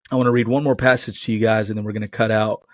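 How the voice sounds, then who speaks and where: A man's voice: lowish voice, flat delivery, very fast. A man hosting a Christian podcast, preaching in an earnest, conversational way. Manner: earnest and conversational, often asking "right?". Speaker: podcast host and Christian teacher. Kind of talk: casual preaching monologue.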